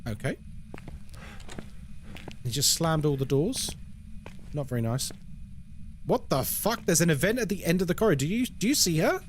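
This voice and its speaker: Lively man streaming a horror game. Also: fairly high pitch, normal speed, long pauses, slight background noise. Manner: chatty, reacts aloud to the game and greets viewers. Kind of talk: live gameplay commentary and chat.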